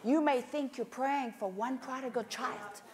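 A woman preaching at a conference with passion, dropping to hushed whispers and rising to loud outbursts as she tells stories and acts out prayers. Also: high voice, unhurried. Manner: storytelling with quoted prayers. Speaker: conference speaker. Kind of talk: sermon. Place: conference stage.

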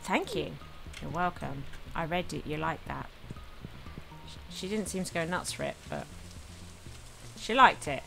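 A woman's voice: sits low, lively intonation, unhurried, vocal fry, pauses often. A woman casually commenting while she plays a farming game, chatty and easily delighted. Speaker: gaming video host. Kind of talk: casual let's play commentary. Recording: game music under voice. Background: game music.

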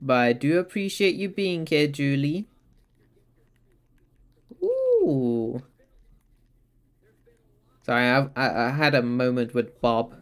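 A man's voice: medium pitch, normal speed, few pauses, clean tone. A man streaming a video game, rambling, giggling and chatting to his viewers. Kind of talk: casual live-stream chat while playing.

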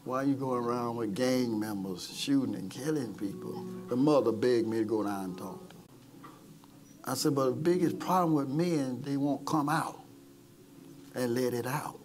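A man's voice: mid-range voice, moderate pace. A man preaching an impassioned sermon as pastor, calling people forward and retelling stories with acted-out quotes. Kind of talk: sermon with altar call. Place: church service.

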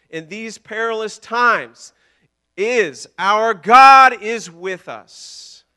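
A man preaching from the pulpit with a high, bright voice. He delivers the sermon with passion, repeating his words and moving from ringing declarations down to quiet, intimate lines. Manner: impassioned, repeating words, swinging between loud and hushed. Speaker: pastor.

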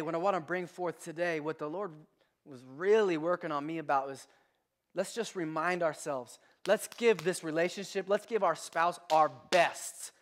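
A man with a notably high voice preaches a sermon as a pastor. He hammers points home by repeating phrases, then drops into hushed, self-deprecating asides. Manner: emphatic preaching with repeated phrases, swinging between loud and hushed.

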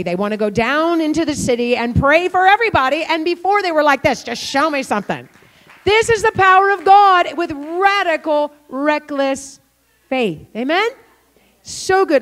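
An older woman preaching in a church, telling a lively story and acting out the people in it. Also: a little high. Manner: animated, acts out the people in her stories. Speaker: guest preacher. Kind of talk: storytelling sermon.

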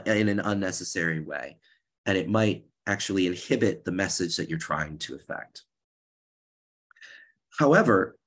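Husky-voiced man teaching over a video call. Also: on the low side. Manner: earnest, repeats and restarts phrases. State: hoarse from a head cold. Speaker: speech contest coordinator. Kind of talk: workshop presentation.

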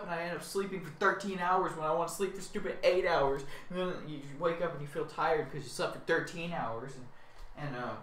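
A man's voice: fairly high pitch, pushed and bright, a little hiss or hum. A young man rambling in a whiny, self-mocking rant, repeating himself as he complains. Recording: echoey room, far from mic.

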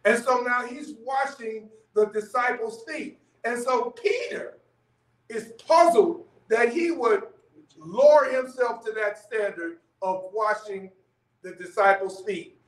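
A man's voice: extremely high pitch, slow pace. A man leading a church Bible study, teaching conversationally and often checking in with "okay?". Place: church room. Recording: echoey room, mic far off.

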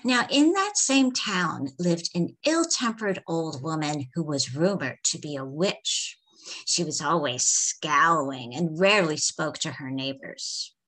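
Woman storyteller, bright tone, lively melody, unhurried reading. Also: deep voice. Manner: expressive, measured reading. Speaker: author reading her story. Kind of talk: storytelling read-aloud.

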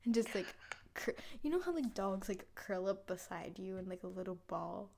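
A woman's voice: mid-range voice, animated, moderate pace, creaky, warm tone, a little hiss or hum. A young woman improvising a casual role-play, narrating her character's actions in the present tense and often giggling.

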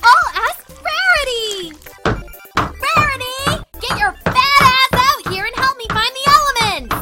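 A woman voicing a bossy, excitable young female pony in a crude cartoon parody, talking in a brash, shouty way. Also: very high voice, a little slow, loud music behind the voice. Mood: urgent.

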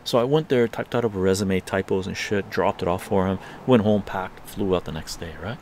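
A man's voice: low-pitched, normal speed, darkish tone, a little hiss or hum. A middle-aged man from Canada casually telling a rambling story on a live stream, tagging his sentences with "right?".

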